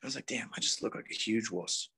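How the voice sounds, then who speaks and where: A man's voice: on the low side, quick pace, pushed and bright, husky. A man in his thirties telling a rambling, profane story at a recovery meeting. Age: 30s. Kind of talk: casual storytelling talk.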